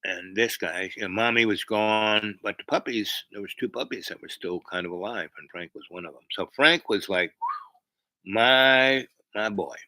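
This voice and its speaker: A man hosts a livestream and drifts through a long story, stopping often to restart his sentences. His voice sits a little low but sounds bright and forceful. The sound is close and dry. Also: moderate pace, no echo, poor audio. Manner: meandering, frequent fillers and restarts. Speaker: livestream host. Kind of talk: rambling storytelling to chat.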